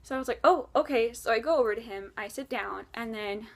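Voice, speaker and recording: A woman tells a long story to her camera in a chatty, animated way, scattering "like" through her sentences. Her voice sits a little higher than most women's. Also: fast, creaky, a little hiss or hum. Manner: chatty, animated, many "like" fillers. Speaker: vlogger.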